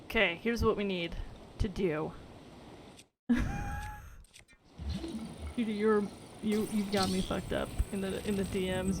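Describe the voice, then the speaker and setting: A woman's voice: medium pitch, fairly even intonation, takes it slowly, pauses often, a little hiss or hum. A young woman streaming a video game, chatting casually to her viewers, laughing often and exclaiming when things go wrong. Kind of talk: casual gameplay commentary.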